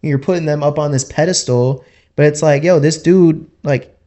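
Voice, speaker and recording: A man talking as a podcast guest in a casual, rambling way, full of "like" and "you know", and quick to laugh. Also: a little high, mellow. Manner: laughs easily while telling stories.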